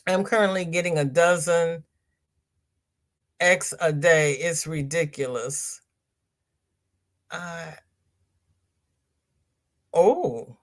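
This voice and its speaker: A middle-aged woman hosts a crochet livestream in an easygoing, chatty way. She talks slowly in a fairly low voice, reading comments aloud and calling viewers "girl" and "honey" while she stumbles through ums and restarts.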